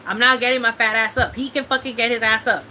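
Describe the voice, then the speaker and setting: A woman's voice: fairly high pitch, fairly even intonation, fast, pushed and bright, a little hiss or hum, rough recording. A young woman from Mexico ranting bluntly and profanely in a casual live-stream chat. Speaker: vlogger.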